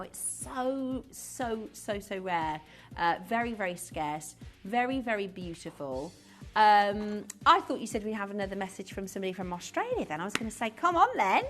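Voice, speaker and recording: Chatty woman, lively pitch. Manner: chatty, full of rhetorical questions. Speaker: shopping channel presenter. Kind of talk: live TV selling chat. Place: TV studio.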